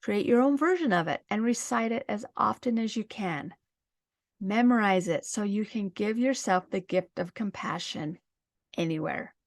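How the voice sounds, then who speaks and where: Gentle woman guiding a self-help exercise. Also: medium pitch, dry recording, studio quality. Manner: gentle, slow, encouraging guidance. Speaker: podcast host. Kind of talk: guided self-help podcast.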